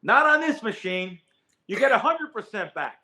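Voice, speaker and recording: A middle-aged man telling his story as a guest in a podcast interview, animated and repeating words as he gets going. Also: high voice, normal speed. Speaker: guest, sports bettor.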